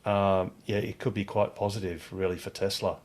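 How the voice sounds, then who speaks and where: A man on a podcast, giving measured, analytical comments in casual chat. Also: deep voice, level tone, darkish tone. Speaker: podcast co-host.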